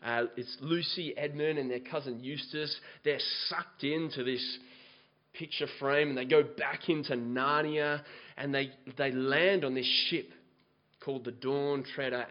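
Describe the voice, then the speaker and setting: A man preaching a sermon, moving from quiet scripture reading to loud, impassioned exhortation. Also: mid-range voice, steady tone, unhurried, highs cut off. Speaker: pastor.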